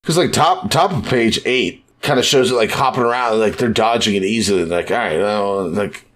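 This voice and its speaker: A man's voice: on the low side, moderate pace, fairly bright tone, a little hiss or hum. A young man co-hosting a podcast in casual chat, loose and profane, animating scenes with sudden voice shifts. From United States. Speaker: podcast co-host.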